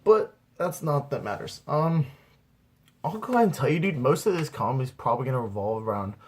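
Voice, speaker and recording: A man's voice: mid-range voice, lively intonation, fairly quick, darkish tone, a little hiss or hum. A young man telling a rambling comedy story about himself, saying "dude" again and again. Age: young adult. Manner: rambling, says "dude" a lot. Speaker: amateur comedian. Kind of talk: stand-up storytelling.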